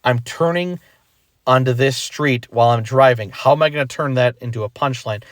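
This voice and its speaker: A young man talking through his retirement from rap in a casual vlog, animated and emphatic, repeating himself and acting out quick thoughts. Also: medium pitch, no echo, studio quality. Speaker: rapper explaining his retirement.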